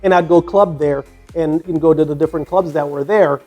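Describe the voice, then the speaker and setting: A Jamaican-accented man in his sixties hosts a podcast, reminiscing in a loose, rambling monologue full of restarts and "you know" asides. His voice sits notably high for a man. A faint bed of music plays quietly beneath him. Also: fairly even intonation, brisk. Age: 60s. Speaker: podcast host. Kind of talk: casual storytelling monologue.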